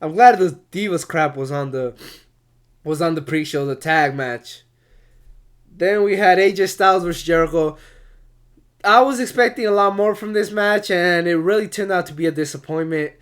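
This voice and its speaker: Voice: mid-range voice, moderate pace, clear, resonant tone. A casual reviewer ranting in an exasperated way, laughing often and swearing freely. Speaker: wrestling show reviewer.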